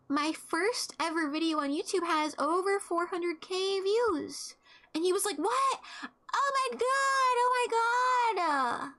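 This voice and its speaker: A woman's voice: high-pitched, a bit bright. A young woman streamer telling a story in a casual, blunt, joking way with frequent restarts and swearing. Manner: halting restarts, laid-back.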